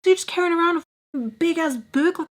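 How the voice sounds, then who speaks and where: A woman voicing a blunt, crude young man who swears a lot and gets loud and excited. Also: extremely high pitch, fast, voice pushed up. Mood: amazed.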